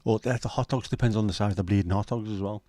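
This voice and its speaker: A man's voice: on the low side, very fast, mellow, no room sound. A man from northern England hosting a casual livestream chat, rambling with sweary banter. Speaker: livestream host.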